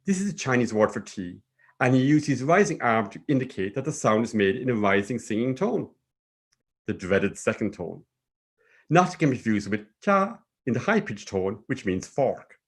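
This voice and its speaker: A man with a Cork Irish accent telling a personal story in a measured, sing-song way. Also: mid-range voice, expressive, husky. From Ireland.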